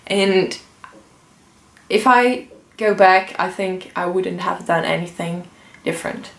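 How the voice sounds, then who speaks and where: A woman's voice: on the low side, steady tone, a little slow. A young woman telling a personal story in an emotional, earnest vlog, with many fillers and restarts. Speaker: vlogger. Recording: roomy echo.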